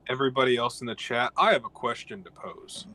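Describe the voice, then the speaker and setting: A man's voice: mid-range voice, fairly quick, sharp tone, low-quality recording. A man co-hosting a podcast, joking crudely and talking to the chat. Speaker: podcast co-host. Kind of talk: casual chat.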